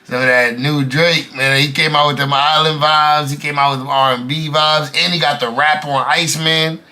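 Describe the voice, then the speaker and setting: Brief: male co-host, bright edgy voice, slangy profane banter. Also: a little high, level tone, moderate pace. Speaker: co-host reacting to clips. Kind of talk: casual reaction chat.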